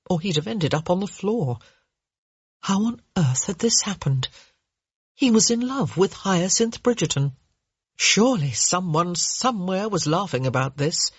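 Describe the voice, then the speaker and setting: A woman narrates an audiobook at a measured, steady pace. Her voice is lowish and slightly husky. The recording is dull and dry, with no room sound. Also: no room sound.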